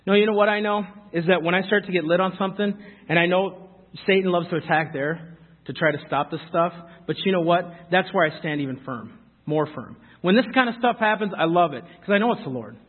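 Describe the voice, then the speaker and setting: With a high voice and a slightly quick delivery, this young man addresses a youth crowd live, recounting stories in a casual, earnest, emphatic way. It's recorded with a tinny, phone-like sound.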